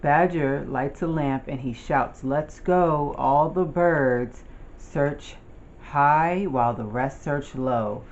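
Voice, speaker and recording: An adult reading a children's picture book aloud with a slow, deliberate storytelling delivery. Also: medium pitch, highs cut off, a little hiss or hum. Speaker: storybook reader.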